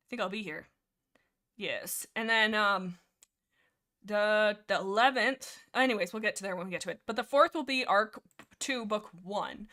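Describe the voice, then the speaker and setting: A young woman hosting a livestream, chatting excitably about books with lots of fillers and restarts. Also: mid-range voice. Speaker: livestream host. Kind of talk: casual rambling book discussion.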